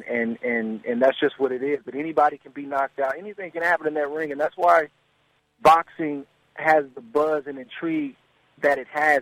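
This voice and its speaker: A man's voice: a little high, dry recording, low-quality recording. A man speaking earnestly as a guest in a radio interview, often repeating himself.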